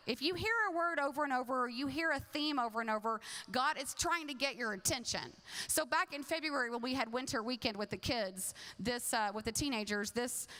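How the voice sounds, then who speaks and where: A woman pastor preaches with a high, bright, lively voice. She talks conversationally and jokes, slipping into other voices for quotes. A long reverb from the hall trails her words. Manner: conversational, humorous, acts out quotes. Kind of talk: sermon.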